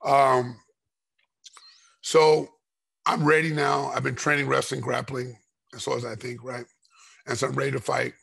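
A middle-aged man, a former fighter, telling a rambling story in a podcast interview and getting loud and heated as it goes. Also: medium pitch, little pitch movement, a little slow, creaky, long pauses, slightly rough. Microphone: podcast microphone.

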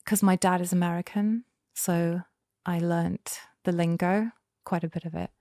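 A woman guest performer chatting casually in an interview, animated and playful. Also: fairly low pitch, normal speed, dry recording, studio quality. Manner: animated, playful, breaks into character voices.

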